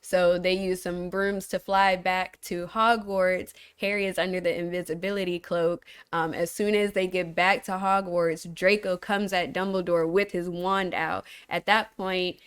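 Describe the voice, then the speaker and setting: A young adult woman co-hosting a casual chat, retelling a story in a chatty, lively way. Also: lowish voice, a little slow, few pauses, smooth. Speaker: podcast co-host.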